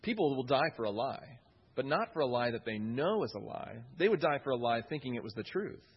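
Earnest husky male preacher, lo-fi. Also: mid-range voice, sing-song, brisk. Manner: earnest, repeats key phrases for emphasis. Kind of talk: sermon.

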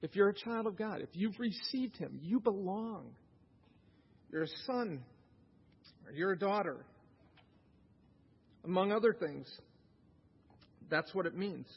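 Husky-voiced man preaching a sermon. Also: high-pitched, animated, unhurried, pauses often. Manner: conversational, asks the congregation questions. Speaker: pastor. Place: church sanctuary. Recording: dull reverberant church recording.

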